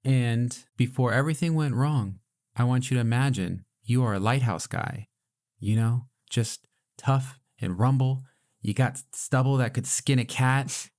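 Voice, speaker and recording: Joking, gravelly man podcast co-host. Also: medium pitch, a little slow, darkish tone. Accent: American. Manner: joking, puts on voices, wry asides. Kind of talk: casual chat.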